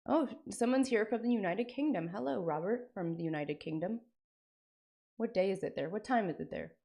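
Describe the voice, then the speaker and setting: Woman streamer, casual live chat, rambling, filler-heavy, mid-pitched. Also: animated, moderate pace, gravelly, warm tone. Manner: rambling, lots of "like" and "frickin'".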